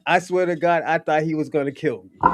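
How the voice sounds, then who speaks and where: A young man talks in a loose, rambling monologue about his movie. His voice sits a bit high, and he keeps breaking into laughs, restarting his sentences and swearing casually.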